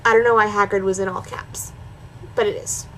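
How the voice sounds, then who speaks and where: A woman's voice: mid-range voice, little pitch movement, a little fast, pushed and bright, slight background noise, poor audio. A woman doing a comedic dramatic reading of a bad story, breaking off for sarcastic asides. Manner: sarcastic, mocking, switches between reading and snarky asides. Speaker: reaction video host.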